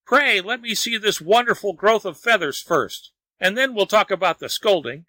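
A teasing neighbor in a folk tale, quick to laugh and mock, as a male reader plays him. The voice sits a bit high and bright. Dry, close recording. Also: animated, no room sound. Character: amused, mocking neighbor man.

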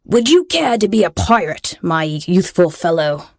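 A woman's voice: fairly low pitch, big pitch swings, a little slow, a little mellow, no room sound, clean studio sound, full character voice. A woman reading aloud voicing a wicked, vain old male pirate captain who bellows and turns sly. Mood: blustering.

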